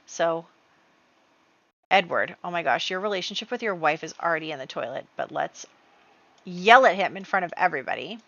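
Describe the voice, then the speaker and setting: A woman's voice: on the low side, lively intonation, normal speed, long pauses, a bit bright. A woman giving casual, chatty, rambling commentary over her game play. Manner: chatty, rambling, many fillers. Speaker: gaming video creator. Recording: dull lo-fi dry recording.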